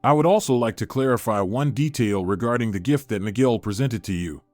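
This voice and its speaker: A man voicing a calm, firm wife who has been betrayed, in a storybook reading. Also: medium pitch, brisk, no room sound, faint music behind, close to an everyday voice.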